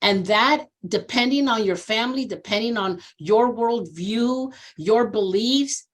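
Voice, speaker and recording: A woman in her sixties speaks as a guest in a conversational interview, a veteran social worker sharing her experience. She tells stories with lively expression, often slipping into the voices of people she quotes. On personal matters she becomes earnest and reflective. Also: measured pace. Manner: animated storyteller who acts out quoted voices with big pitch jumps.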